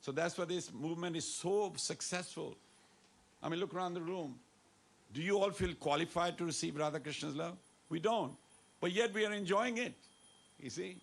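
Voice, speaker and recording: A temple speaker preaches a devotional sermon to his congregation in a slightly high, gravelly voice at a moderate pace. Playful and coaxing, he drops Hindi phrases into his talk and urges the audience to respond and dance.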